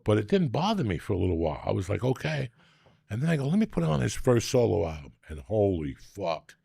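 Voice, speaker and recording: An older man with a deeply gravelly, husky voice that sits low, talking in a rambling, foul-mouthed way. He hosts a casual podcast, swinging between ribbing his co-host and long stories. The sound is dry and close. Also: very animated, quick pace, dark tone, no room sound. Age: 60s. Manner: profane, rambling, teasing storyteller. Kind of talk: casual chat and storytelling.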